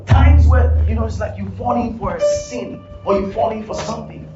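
High-voiced preacher man shouting in church. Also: moderate pace. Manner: repetitive preaching that builds to shouting. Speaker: pastor. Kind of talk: sermon. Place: church hall. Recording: roomy, distant, dull live church sound. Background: music and congregation.

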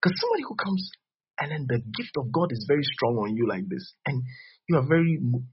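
A man preaching a sermon as pastor, repeating phrases and swinging between loud bursts and soft drops. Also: medium pitch, wildly swooping pitch, fairly quick. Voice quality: husky. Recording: dull lo-fi recording.

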